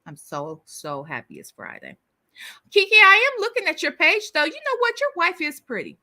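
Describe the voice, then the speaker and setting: A woman's voice: very high-pitched, wildly swooping pitch, normal speed, pushed and bright. A woman hosting a casual livestream chat, answering viewer comments with sassy, candid banter. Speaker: livestream host.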